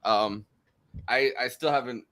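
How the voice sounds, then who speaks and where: An American man hosts a podcast in an easygoing, joking manner. His voice sits at an ordinary middle pitch. He laughs often between his remarks. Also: measured pace, sharp tone. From United States. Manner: loose and jokey, laughs often. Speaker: podcast host. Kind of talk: casual podcast chat.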